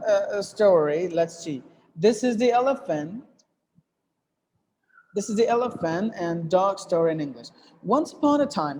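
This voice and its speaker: A man's voice: high-pitched, darkish tone, in a large hall, low-quality recording. A man teaching an English lesson to a class, explaining step by step with fillers and repeated phrases. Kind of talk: classroom lesson on reading aloud. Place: classroom with students.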